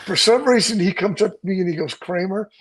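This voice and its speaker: A stunt coordinator with a high, breathy voice tells lively, profane stories from a film set at a quick pace, acting out other people's lines. The audio quality is poor.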